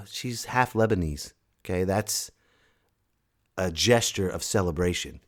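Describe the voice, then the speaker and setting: A man in his thirties hosting a casual solo podcast, excitable and joking, restarting his sentences and jumping to loud high shouts when he mimics others. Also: measured pace. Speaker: podcast host.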